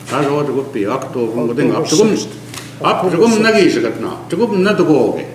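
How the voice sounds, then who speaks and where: An older man giving an oral history, earnest and emphatic, mixing an Indigenous language with English, often dropping to a low quiet tone. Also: very animated, fairly quick, slight background noise. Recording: echoey room with faint ambience.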